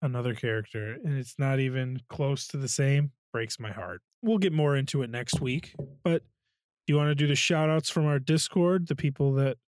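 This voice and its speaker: A podcast co-host chats casually and tells stories, swearing and adding sound effects. His medium-pitched voice is a little mellow, at a moderate pace, in a dry, studio-quality recording.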